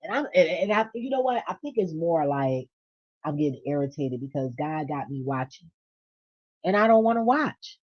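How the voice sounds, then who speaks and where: A woman venting in a casual monologue, blunt and profane, swinging from low mutters to loud rants. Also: expressive, normal speed, no room sound. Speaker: vlogger. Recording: dull lo-fi dry recording.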